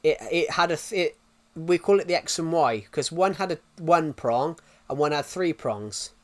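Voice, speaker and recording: Rambling young British man, slightly high. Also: expressive, moderate pace. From United Kingdom. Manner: rambling, with many restarts and fillers. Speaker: live streamer. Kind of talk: casual chat with live viewers.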